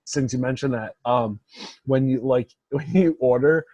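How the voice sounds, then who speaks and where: A man's voice: mid-range voice, unhurried, mellow, no echo, lo-fi sound. A young man co-hosting a podcast in casual chat, rambling with lots of fillers and "like"s. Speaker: podcast co-host.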